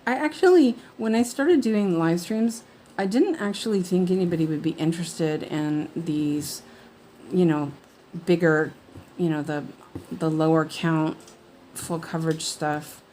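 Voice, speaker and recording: Slow-talking woman chatting while she stitches. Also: deep voice, warm tone, slight background noise. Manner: rambling, many fillers and restarts. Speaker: cross-stitch livestream host. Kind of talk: casual chat while stitching.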